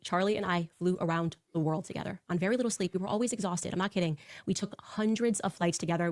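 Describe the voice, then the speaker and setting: A woman telling personal stories in a fast, animated way, acting out the quotes. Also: on the low side, no echo, clean studio sound. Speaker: political commentator. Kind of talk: personal storytelling on a show.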